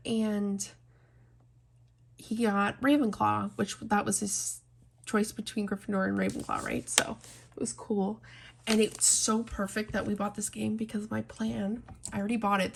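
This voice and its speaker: A young woman with a somewhat high, gravelly voice chats casually to her viewers while she colors. She rambles in an open, heartfelt way, addressing them directly. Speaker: coloring channel host.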